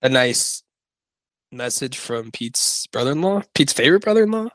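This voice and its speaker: A man's voice: medium pitch, big pitch swings, normal speed, a bit bright, no room sound, rough recording. A man co-hosting a casual podcast, rambling and correcting himself as he talks through his picks. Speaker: podcast co-host. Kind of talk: casual sports-betting chat.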